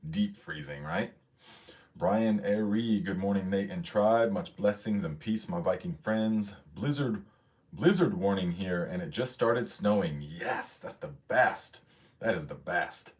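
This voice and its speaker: A man's voice: low voice, darkish tone. A man from the hosting a casual livestream, chatting loosely, reading out viewer comments and greeting them, slightly out of breath. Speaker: livestream host.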